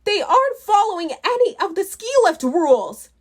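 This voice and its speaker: A woman's voice: very high-pitched, very animated, normal speed, pitched above the performer's own voice. A woman voicing a worried young girl in a storybook reading, fretting anxiously. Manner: anxious and fretful.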